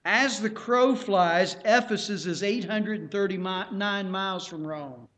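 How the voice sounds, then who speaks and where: A man's voice: sits high, measured pace, a bit bright. A man preaching a sermon in a plain, earnest teaching manner, often repeating himself.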